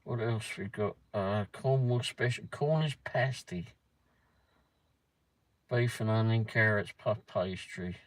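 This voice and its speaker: A man's voice: lowish voice, slow pace, dry recording. A man hosting a casual livestream, reading a pub menu aloud with muttered asides and the odd swear word. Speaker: livestream host.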